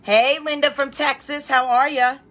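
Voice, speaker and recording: Woman, craft livestream host, upbeat bright voice pitched a bit high, chatty with viewers, at home. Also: fairly even intonation, normal speed. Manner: chatty, greets viewers by name. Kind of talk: live-stream chat while crafting.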